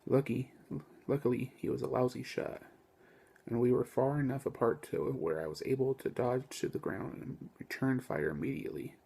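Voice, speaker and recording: Husky man reading his own novel aloud. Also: mid-range voice, moderate pace. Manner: steady first-person storytelling. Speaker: author reading his book.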